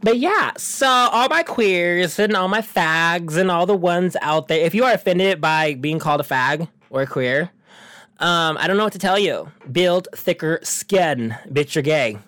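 A man's voice: on the high side, a little slow, no room sound. A man hosting a podcast, talking in a sassy, flamboyant casual monologue that keeps calling the listener honey and breaks into laughs. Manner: animated, laughs between stories. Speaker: podcast host.

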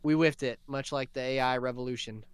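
A man's voice: medium pitch, steady tone, a little fast. A man co-hosting a paranormal podcast in rambling, profane, joking chat. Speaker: podcast co-host. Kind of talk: casual chat.

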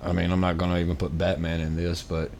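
A man's voice: low voice, completely flat delivery, quick pace, darkish tone, slight background noise. A man co-hosting a podcast in casual chat, rambling with many fillers and restarts. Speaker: podcast co-host.

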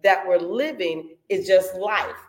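A woman on a faith podcast, telling her story in a lively, preachy way and acting out her own prayers. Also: on the low side, slow pace. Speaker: podcast co-host. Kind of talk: casual faith podcast talk.

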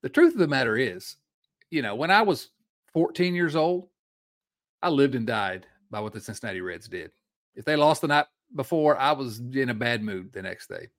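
This podcast co-host speaks in a mid-range voice at an even, moderate clip. He gets worked up in casual sports banter, breaking off sentences and starting them over.

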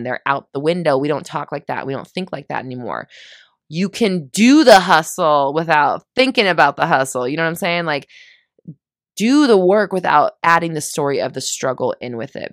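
A woman's voice: low-pitched, vocal fry, dry recording, clean studio sound. A woman coaching listeners in a casual motivational monologue, chatty and self-mocking when she loses her words.

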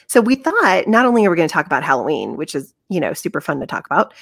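A woman co-hosting a podcast in casual chat, self-deprecating and quick to laugh. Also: lowish voice, sing-song, creaky, a bit bright, no room sound, clean studio sound. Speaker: podcast co-host.

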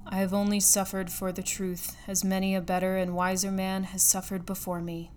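A woman reading an audiobook, voicing a bitter old male recluse scientist who speaks quietly and gravely. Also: mid-range voice, monotone, normal speed, slight background noise, natural voice. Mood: calm.

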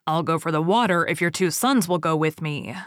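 Brave young storybook prince, steady and resolute, read by a woman, low and dry. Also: a little fast, no room sound, close to an everyday voice. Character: weary wandering young prince, a brave champion.

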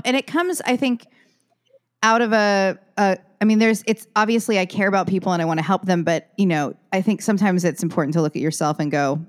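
A woman's voice: medium pitch, brisk, clear, resonant tone. A woman co-hosting a podcast, talking thoughtfully with frequent restarts as she questions her own habits. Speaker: podcast co-host. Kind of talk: casual chat.

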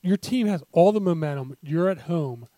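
A man co-hosting a casual sports chat, animated and profane, who acts out people loudly. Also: on the high side, normal speed, no echo. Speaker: podcast co-host.

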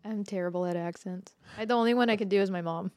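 A woman co-hosting a casual podcast, teasing and quick to laugh. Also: medium pitch, darkish tone, no echo, studio quality. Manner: giggly, teasing. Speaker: podcast co-host. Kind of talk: casual chat.

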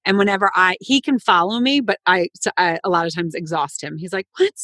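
A woman's voice: fairly low pitch, fairly quick, a bit bright, no echo. A woman in her thirties, a mother and coach, chatting with enthusiasm and casual swearing. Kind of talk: casual chat.

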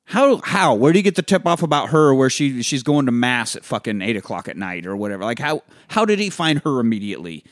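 In a clean, dry studio recording, a man co-hosting a podcast chats casually through a film recap. His mid-range voice is very animated; he swears a lot and performs the scenes in rapid character voices.

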